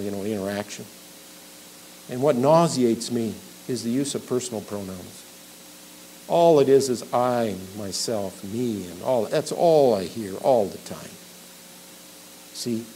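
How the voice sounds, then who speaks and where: A middle-aged male pastor preaching an expository sermon, emphatic, building to loud peaks on key points. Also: mid-range voice, a little hiss or hum, low-quality recording. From Minnesota.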